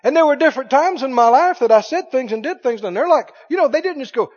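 Pastor guy preaching, high voice, swings up and down a lot, folksy and emphatic, kinda dull audio. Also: animated, a little fast, darkish tone. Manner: folksy, emphatic, repeats phrases for effect. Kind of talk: sermon.

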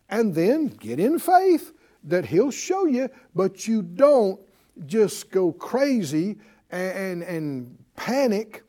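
A man teaching a Bible class as a sermon, animated and calling out to his class. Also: high voice, slow. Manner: animated, addresses the class, acts out panicked voices.

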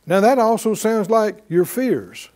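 A man preaching a conversational sermon, asking his listeners questions and chuckling along the way. His voice sits high and swoops widely. The tone is mellow and dark, and he speaks slowly. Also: animated. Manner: conversational, asks the audience questions, chuckles often. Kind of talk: sermon teaching.

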